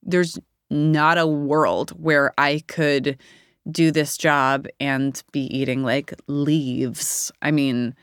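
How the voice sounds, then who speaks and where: Low-voiced candid actress, dry sound. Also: female voice, steady tone, drawn-out words, clean tone, no room sound. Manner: candid, rambling, laughs often. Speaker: actor guest. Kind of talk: casual interview chat.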